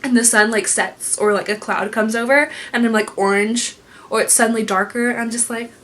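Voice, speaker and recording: This is a casual beauty-vlog product review recorded at home, with a young woman rambling, gushing and using lots of fillers. Her slightly high, somewhat bright voice moves at a normal speed with fairly even intonation, over a faint hiss or hum.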